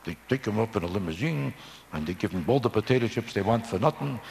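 A man's voice: lowish voice, lively intonation, quick pace, creaky, background noise. A man doing a stand-up routine, kvetching and ranting with Yiddish words. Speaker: stand-up comedian.

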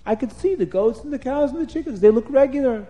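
A man's voice: high-pitched, sing-song, a little slow, dark tone, muffled recording. A man voicing a poor, grieving man with aching eyes, wailing in a sing-song way. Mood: amazed.

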